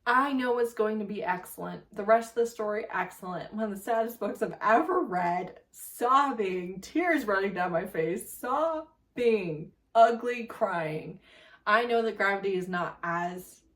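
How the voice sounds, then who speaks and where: A woman hosting a casual reading vlog, talking in an animated, emphatic way and laughing often. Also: mid-range voice, unhurried, recorded from a distance. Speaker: booktuber host. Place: home room with laptop.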